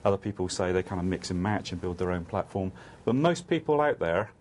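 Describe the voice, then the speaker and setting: A man's voice: low voice, animated, brisk, a little mellow, slight background noise. A man speaking as an analyst on a panel, hesitant with frequent restarts. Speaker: analyst guest. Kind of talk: panel discussion.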